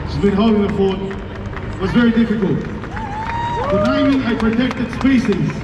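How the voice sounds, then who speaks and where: Man at a rally, very high voice, distant echoey dull sound, loud crowd noise. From Australia. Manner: wry and defiant, with jokes and asides. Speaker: rally speaker. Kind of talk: outdoor rally speech. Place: outdoor city rally.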